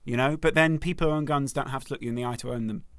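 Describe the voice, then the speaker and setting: A man's voice: mid-range voice, very fast, fairly bright tone, smooth, no room sound, clean studio sound. A man co-hosting a podcast in casual chat, joking and teasing, with frequent giggles as he tells stories. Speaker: podcast co-host. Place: podcast studio.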